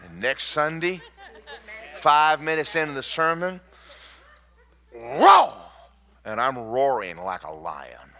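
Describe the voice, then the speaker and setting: A man, a pastor telling stories in a sermon, emphatic and swinging between loud and hushed. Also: medium pitch, big pitch swings, a little slow.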